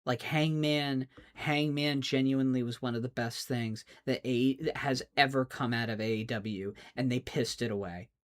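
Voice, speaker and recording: A man's voice: medium pitch, steady tone, moderate pace, few pauses. A man, a streamer, in an exasperated, profane rant, often stammering and restarting his words. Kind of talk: angry rant.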